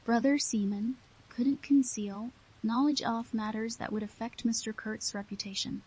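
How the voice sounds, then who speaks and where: A woman narrating a classic novel in the first person, with a steady, somber reading. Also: on the high side, moderate pace, a little hiss or hum, rough recording. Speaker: audiobook narrator.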